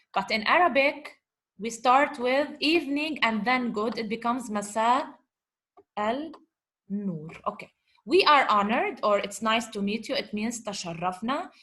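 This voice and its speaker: Higher-voiced woman teaching Arabic words. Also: a bit bright. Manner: asks and answers her own questions, repeats herself; talks to her class as guys. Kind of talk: explaining vocabulary from a lesson dialogue.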